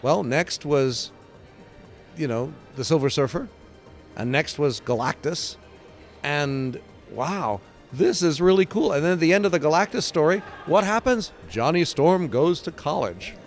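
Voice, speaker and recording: An older man from England, a comic book writer being interviewed, telling stories with lively sound effects and acted-out quotes. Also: a little high, a little slow, faint music behind. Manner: animated, acts out scenes with sound effects and quoted voices. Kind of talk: casual interview storytelling.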